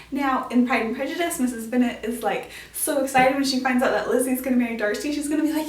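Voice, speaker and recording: A woman's voice: high voice, a little fast, distant mic. A woman hosting an educational show about classic literature, talking in a bubbly, playful way with casual slang. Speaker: host of a literature explainer show. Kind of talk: upbeat educational vlog talk. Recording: roomy sound, voice off-mic.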